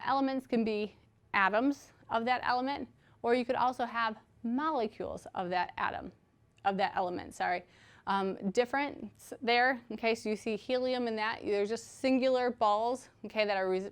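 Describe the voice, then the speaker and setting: Her voice a little high, steady, and clean, a woman delivers a recorded chemistry lecture at a moderate pace. She walks through ideas patiently with everyday examples, conversationally asking "okay?" again and again.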